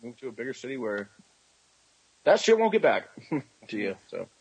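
A young man with a very husky, rough voice chats casually on a podcast. He rambles and swears his way through his stories and slips into the voices of people he quotes. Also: mid-range voice, sing-song, normal speed, highs cut off. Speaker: podcast co-host. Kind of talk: casual chat.

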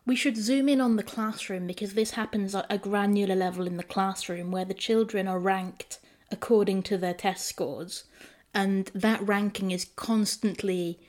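A woman's voice: medium pitch, steady tone, moderate pace, darkish tone. A woman in a casual book discussion, talking in a thoughtful, emphatic way.

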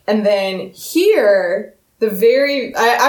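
A woman co-hosting a book podcast in casual chat, animated and quoting passages from the book aloud. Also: medium pitch, measured pace. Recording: roomy echo.

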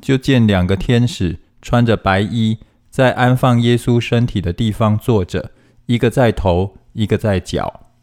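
A man reading Bible passages aloud in a steady, formal manner, phrase by phrase. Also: lowish voice, unhurried. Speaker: scripture reader.

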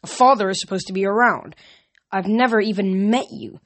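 A woman's voice: medium pitch, fairly quick, natural voice. A woman doing a bitter, defiant teenage boy.

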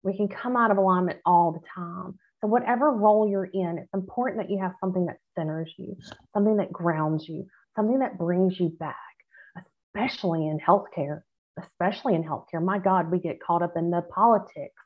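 Woman nurse guest, earnest and emphatic, lowish voice, tinny call audio. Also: fairly quick. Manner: earnest, faith-centered, emphatic. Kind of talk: casual podcast conversation. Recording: tinny phone-like line.

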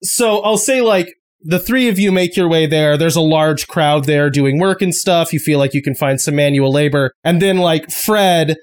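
A man's voice: a little high, moderate pace. A man running a tabletop game as game master, narrating loosely with many likes and uhs, while sick.

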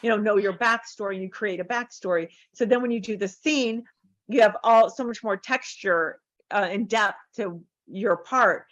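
A woman's voice: medium pitch, normal speed, no echo, muffled recording. A woman from San Diego, a therapist and speaker, telling stories in a casual interview and acting out the voices of people in them. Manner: animated storyteller acting out quoted voices.

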